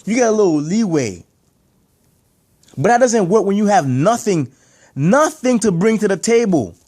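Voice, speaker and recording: A man's voice: sits high, lively intonation, normal speed, a little mellow. A man giving an opinionated boxing rant to camera, emphatic and heated, stacking rhetorical questions and repeating his points. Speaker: boxing commentator.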